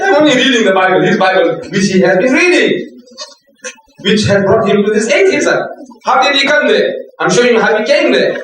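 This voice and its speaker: Older male lecturer, high-pitched and rhetorical, recorded from a distance in a very reverberant hall. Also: a little hiss or hum. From South Africa. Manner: animated, rhetorical, shouting at the high points. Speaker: lecturer on religion. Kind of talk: public lecture to an audience. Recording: echoey hall, voice from far off.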